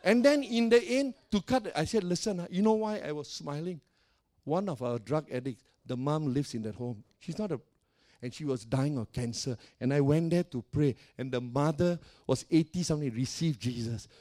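A middle-aged man preaching a lively storytelling sermon, laughing often and swinging between loud and soft. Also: on the high side, normal speed. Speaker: pastor.

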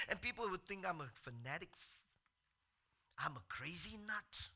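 A man preaching a sermon to his congregation, moving from slow, quiet passages to loud shouted outbursts and rhetorical questions. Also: extremely high pitch, wildly swooping pitch. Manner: swings from soft, slow talk to shouted outbursts. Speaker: pastor.

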